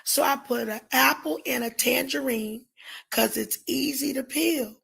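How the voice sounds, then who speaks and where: A woman preacher on a live stream, ranting emotionally and speaking straight to her viewers by name, often rising to shouts. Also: high-pitched, a little slow, vocal fry, breathy edge.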